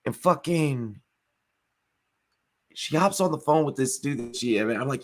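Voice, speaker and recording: A man's voice: mid-range voice, expressive, moderate pace. A young man co-hosting a podcast, telling a story in casual, profane chat with frequent laughs. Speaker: podcast co-host.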